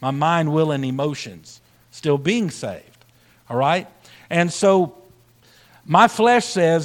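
A man's voice: fairly high pitch, normal speed. A man preaching a sermon as a pastor. He asks the congregation questions, and his voice swells and drops as he talks. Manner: lively preaching, rising and dropping loudness, asks the crowd questions.

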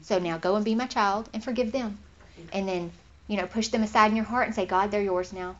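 A woman's voice: medium pitch, fairly quick. Earnest woman teaching the Bible, lo-fi. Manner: earnest, conversational, animated when quoting others. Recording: slightly dull lo-fi recording.

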